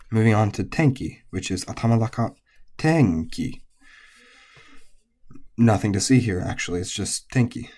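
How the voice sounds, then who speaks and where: Casting note: man, lower-pitched, mellow tone, a relaxed language teacher talking through vocabulary with frequent fillers. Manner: relaxed, explains step by step with many ums and uhs. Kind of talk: recorded pitch-accent lesson.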